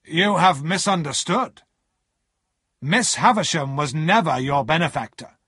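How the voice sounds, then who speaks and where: A man's voice: on the high side, lively intonation, a little slow, sharp tone, slightly rough, dry recording, clean studio sound, pitched above the performer's own voice, heavily acted. A man doing a curt, stern old-school lawyer. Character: stern middle-aged male lawyer, curt and guarded.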